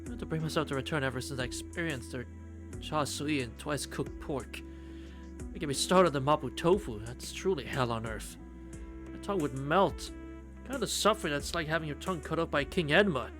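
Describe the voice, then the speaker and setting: A man's voice: on the high side, fairly quick. A man live-streaming a game, reading its text aloud and chatting, swearing freely. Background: game music.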